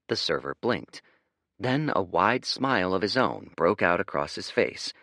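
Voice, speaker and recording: A man's voice: low-pitched, big pitch swings, measured pace, sharp tone, no echo, studio quality. A man narrating an audiobook expressively, switching into character voices. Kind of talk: scripted narration.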